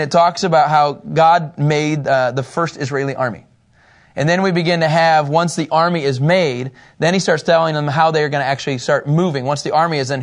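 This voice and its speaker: A man with a fairly high speaking voice leads a relaxed Bible study group. He reads passages aloud and talks through them conversationally, often stopping to ask the people around him questions. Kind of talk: casual group Bible teaching.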